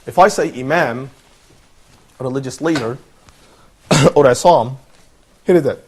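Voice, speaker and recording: A man's voice: medium pitch, a little slow, slight background noise. A man teaching an online Arabic lesson, patient and encouraging, repeating words and praising his students.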